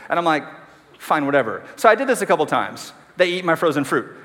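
A man's voice: fairly high pitch, sing-song, a little fast, fairly bright tone. A man preaching a casual, self-deprecating sermon, asking the congregation questions. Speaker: pastor. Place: church sanctuary. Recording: long hall reverb.

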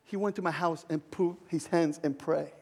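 A male pastor preaching a sermon, telling a personal story in a heartfelt way with soft laughs. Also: on the high side, steady tone, moderate pace, big-room sound.

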